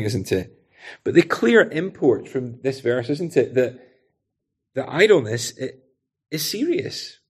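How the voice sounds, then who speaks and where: A man's voice: medium pitch, a little mellow, slightly rough. A man preaching an expository sermon in a conversational way, often adding rhetorical tag questions.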